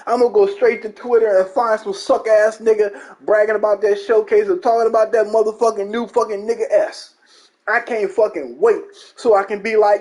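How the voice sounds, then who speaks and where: A young man with a high-pitched voice rants about video games on his own channel. He talks in a profane, mocking way and leans hard on his points. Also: steady tone, a little fast, a little mellow. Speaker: gaming channel host. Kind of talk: ranting gaming commentary.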